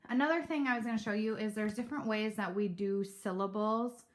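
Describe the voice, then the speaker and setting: A chatty woman teacher explaining classroom activities to parents in an easy, rambling way. Her voice sits at an ordinary pitch and bounces around an echoey room at home. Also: fairly quick. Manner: chatty, relaxed, with many fillers. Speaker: kindergarten teacher. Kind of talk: casual instructional talk to parents.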